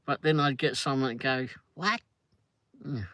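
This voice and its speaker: A man's voice: medium pitch, steady tone, fairly quick, fairly bright tone, no room sound. A middle-aged man from London with a London English accent, rambling and joking as he chats with viewers on a livestream. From London, England. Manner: chatty, rambling, jokey, answers chat comments. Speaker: livestream host. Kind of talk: casual livestream chat.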